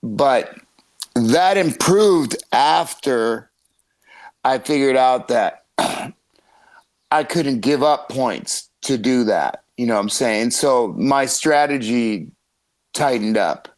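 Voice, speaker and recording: A middle-aged man, a jiu-jitsu coach, telling stories on a podcast in a profane, animated way with frequent laughter. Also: medium pitch, takes it slowly, long pauses, low-quality recording. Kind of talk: casual podcast storytelling.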